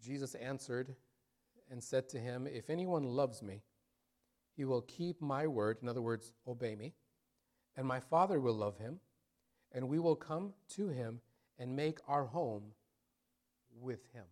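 A man preaching a sermon in a mid-range voice. He stretches out key phrases and scripture lines for emphasis. His loudness swings widely, from near-quiet drops to strong, rising build-ups. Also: a little slow, pauses often. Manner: voice rises and falls widely in loudness, dropping low then building up. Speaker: pastor.

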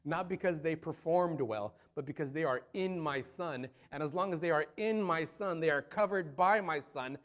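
A man's voice: on the high side, moderate pace, few pauses. Impassioned man preaching a sermon. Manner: impassioned, rising to loud appeals then dropping to hushed prayer. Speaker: pastor.

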